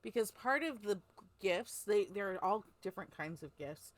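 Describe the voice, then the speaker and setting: A woman's voice: mid-range voice, lively intonation, moderate pace, no room sound. A woman co-hosting a book podcast, retelling a novel's plot in a rambling, casual way with lots of fillers. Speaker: podcast co-host. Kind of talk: casual book-club chat.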